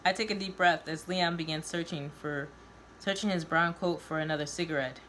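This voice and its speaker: A woman's voice: low voice, moderate pace, slight background noise. Woman reading a novel aloud. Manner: expressive, voices each character. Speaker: reader of her own novel.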